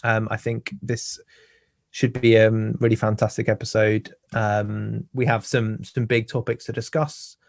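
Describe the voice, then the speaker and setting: A man hosting a conversational podcast interview, halting and often repeating words as he talks. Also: on the low side, level tone, vocal fry, no echo. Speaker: podcast host.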